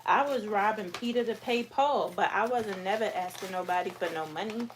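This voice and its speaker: A woman hosts a casual livestream. Her voice is hoarse and she talks bluntly to her viewers, mid-pitched. A faint hiss sits under the recording. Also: brisk. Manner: talkative, blunt, talks back to chat. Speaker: livestream host.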